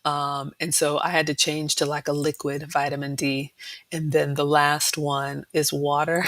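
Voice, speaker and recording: A woman's voice: low voice, little pitch movement, a little slow, fairly bright tone, dry recording. A middle-aged woman hosting a cooking channel livestream, chatting casually and repeating words for emphasis.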